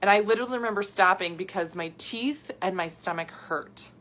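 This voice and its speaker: A woman in her thirties, a health coach hosting a casual live video, talking to viewers in an animated, chatty way and reacting excitedly to their comments. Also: medium pitch, a little fast. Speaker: health coach and podcast host.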